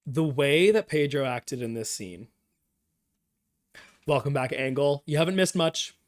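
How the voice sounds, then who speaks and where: A man of ordinary pitch talks through a TV episode on a live stream. His recap is enthusiastic and rambling, and he acts out the characters' lines along the way. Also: lively intonation, measured pace. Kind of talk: casual show discussion.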